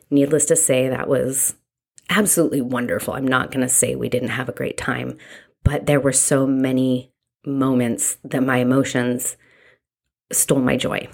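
Very deep-voiced woman sharing her story. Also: a little mellow. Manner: reflective and halting, with restarts. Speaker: mother sharing a personal story. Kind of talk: candid personal testimony.

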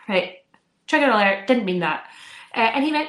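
A woman in her thirties chatting casually as a podcast co-host, telling animated stories and acting out her kids' voices. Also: mid-range voice, brisk, echoey room. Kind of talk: casual chat.

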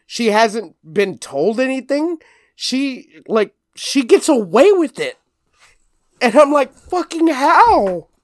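A podcast guest spinning a long, rambling story, full of "like" and swearing, who slips into quick impressions of others. The voice sits mid-pitch and is recorded dry and close. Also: very animated, dry recording. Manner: rambling, swears freely, fills with "like", mimics others. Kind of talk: casual storytelling.

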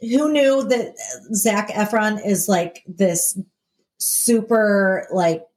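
A woman's voice: medium pitch, very slow, darkish tone. A woman co-hosting a casual chat, playful and jokey, often laughing at her own lines. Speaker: podcast co-host.

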